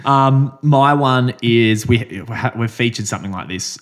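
A man's voice: mid-range voice, normal speed. A young man co-hosting a podcast in casual chat, joking, swearing freely and laughing often. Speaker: podcast co-host.

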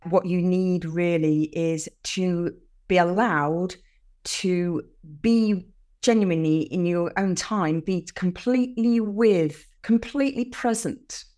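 An older woman, a podcast guest explaining things earnestly with lively emphasis in casual conversation. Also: fairly low pitch, takes it slowly.

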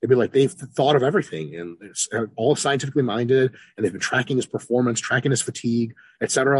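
A man guest on a podcast, an exercise scientist talking casually and profanely, animated, swearing freely and acting out characters. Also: mid-range voice, fast, hardly any pauses, slightly rough, no room sound.

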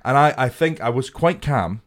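A man's voice: medium pitch, moderate pace. A man, a comedian and podcast co-host, telling a story in casual chat, swearing heavily and acting out what people said. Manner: animated, swears heavily, acts out quotes.

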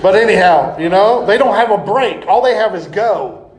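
A man preaching a sermon in an animated, folksy way, often breaking into laughter. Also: high voice, normal speed, crowd noise. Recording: echoey room.

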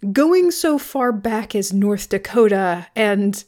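A woman co-hosting a podcast, recapping a film in casual chat with sarcastic, animated storytelling and plenty of swearing. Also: mid-range voice, slow. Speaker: podcast co-host.

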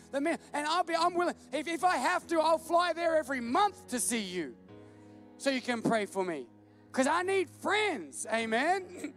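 A man preaching with a very high, light voice, joking about himself and breaking into laughter as he tells stories. Faint music sits under his sermon. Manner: self-deprecating, animated storytelling with laughs. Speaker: pastor. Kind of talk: humorous sermon.

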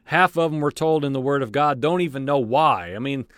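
A man with a mid-range voice leads an informal Bible study, reading scripture aloud and commenting with asides and filler words. He talks fairly quickly and animatedly, often restarting, in a clean tone. The recording is studio quality with no room sound.

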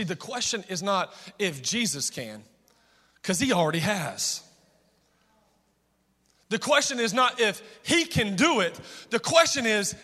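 Male pastor, impassioned sermon, call-and-response, high-pitched, long hall echo. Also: sharp tone.

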